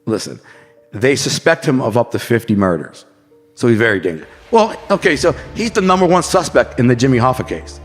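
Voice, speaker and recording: A man's voice: mid-range voice, big pitch swings, brisk, in a large hall, soft background music. A man from Detroit, a podcast guest, telling blunt, profane street stories in a casual interview and acting out what people said. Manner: blunt, profane street storyteller who acts out quotes.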